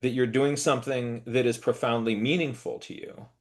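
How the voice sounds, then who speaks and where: Thoughtful male interviewer, halting delivery. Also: medium pitch, fairly even intonation. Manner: reflective, many restarts and hedging fillers. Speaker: host, interviewer. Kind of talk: casual interview chat.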